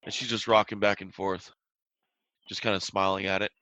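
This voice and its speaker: A man's voice: low-pitched, flat delivery, normal speed, bright, forceful tone, dry recording, poor audio. A man narrating a tabletop game as game master, describing scenes in a loose style with restarts.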